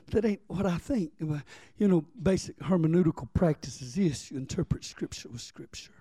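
A man's voice: a little high, animated, moderate pace, dark tone, husky, no room sound. A man preaching a sermon as pastor, reading scripture and calling on the congregation to respond.

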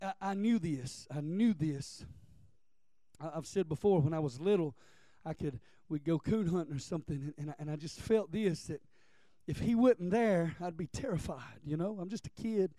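A middle-aged preacher with a high, mellow voice delivers a storytelling sermon. He leans hard on key words, then sinks low and soft. The sound is close and dry, with no room around it. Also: normal speed, dry recording. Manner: storytelling, emphatic, drops to quiet for personal stories.

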